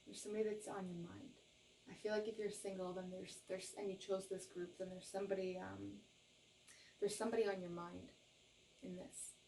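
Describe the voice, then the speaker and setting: A woman's voice: mid-range voice, level tone, brisk, vocal fry, dark tone, far from the mic, a little hiss or hum, rough recording. A woman giving a tarot reading to camera, earnest and reassuring, often checking in with "okay?" and gushing with emotion. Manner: gushes with emotion. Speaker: tarot reader.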